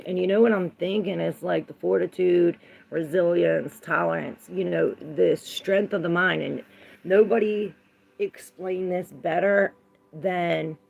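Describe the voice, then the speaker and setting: A woman tarot reader in a casual livestream chat, rambling between her thoughts and greeting viewers by name, with a gravelly voice. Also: on the low side, darkish tone.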